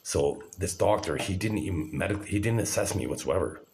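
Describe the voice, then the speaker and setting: A man's voice: deep voice, animated, a little fast, a little mellow, a little hiss or hum. A man in his forties talking to camera in an agitated, rambling, profane monologue. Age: 40s.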